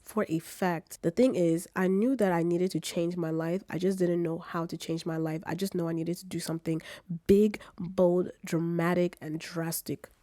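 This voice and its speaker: A woman in her twenties with a British accent talks in a casual vlog while she has a cold. Her voice sits a little low and sounds dry and close. She keeps the story animated and jumps up in pitch whenever she acts out what she or others said. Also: normal speed, hardly any pauses, no room sound. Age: 20s. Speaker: vlogger.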